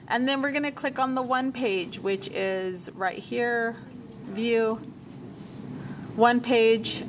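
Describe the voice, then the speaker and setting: A woman teacher walking a class through a software task step by step, repeating menu names as she checks her work. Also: on the high side, slight background noise. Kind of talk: software tutorial walkthrough.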